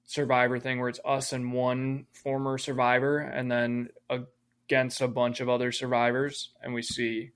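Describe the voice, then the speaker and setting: A man's voice: mid-range voice, completely flat delivery, moderate pace, clean tone. A man co-hosting a podcast, chatting casually and laid-back, often in brief replies. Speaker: podcast co-host. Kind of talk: casual chat.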